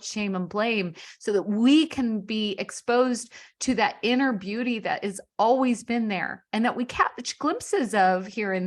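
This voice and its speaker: An author speaking over a video call in a motivational tone. She keeps asking gentle rhetorical questions that nudge the listener toward hope. Her pitch sits in the middle range for a woman. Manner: earnest, coaxing rhetorical questions. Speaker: author guest.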